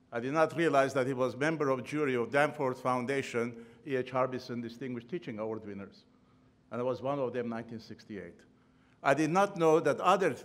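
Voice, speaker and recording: At a podium microphone in a large ballroom, an older man with a non-native English accent and a mid-range voice delivers a eulogy at a memorial. A former professor and trustee, he shares humorous personal anecdotes and chuckles, his grammar slightly non-native.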